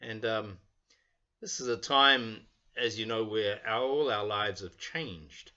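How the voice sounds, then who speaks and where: An older man, a minister, giving a chatty children's talk from his home porch, pausing often with little fillers. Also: fairly low pitch, lo-fi sound. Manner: warm, chatty, halting with fillers. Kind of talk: children's talk with storybook reading.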